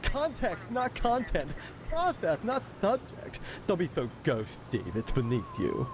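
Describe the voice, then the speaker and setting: A haughty fire chief who fancies himself an artist in a video game, lecturing with a lofty, theatrical air. His voice swoops widely up and down as he holds forth. The game audio carries a steady hiss of noise. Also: high voice, measured pace, full character voice. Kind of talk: full-motion video game acting.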